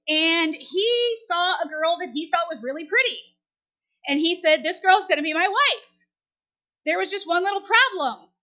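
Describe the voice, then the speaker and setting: A woman's voice: very high-pitched, pushed and bright. A woman in her forties giving a sermon in a conversational storytelling way, asking the congregation questions. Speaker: minister.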